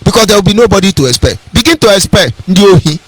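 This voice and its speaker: A man's voice: high voice, expressive, rapid-fire, husky, dry recording. A man with a Nigerian accent giving an impassioned, preacherly radio address and repeating his key phrases. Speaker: radio broadcaster.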